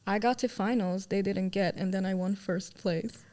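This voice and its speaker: A young woman chatting as an interview guest about her stage roles, bubbly and quick to laugh as she tells her stories. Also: medium pitch, fairly even intonation, warm tone. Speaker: guest, student actor. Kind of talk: casual interview chat.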